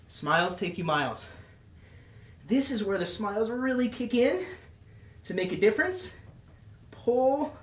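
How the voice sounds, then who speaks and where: A man's voice: high-pitched, reverberant, distant mic. A man coaching a follow-along workout with short, encouraging cues, out of breath as he exercises along. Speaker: fitness instructor.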